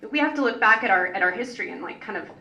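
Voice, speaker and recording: A woman's voice: medium pitch, expressive, rapid-fire, bright, forceful tone, dull audio, a little hiss or hum. A woman parent organizer speaking off the cuff on a public panel, earnest and rambling, full of fillers and restarts. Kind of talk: unscripted panel talk. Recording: echoey hall, mic at a distance.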